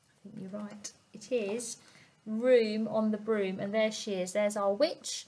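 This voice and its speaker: Slow expressive woman reading to children. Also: mid-range voice. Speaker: family centre storyteller. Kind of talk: reading a picture book aloud to young children.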